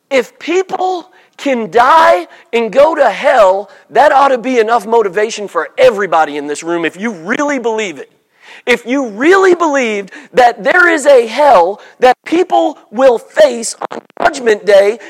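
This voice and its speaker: A man preaching a sermon, animated, slipping into mock voices for the people he describes. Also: extremely high pitch, a little slow.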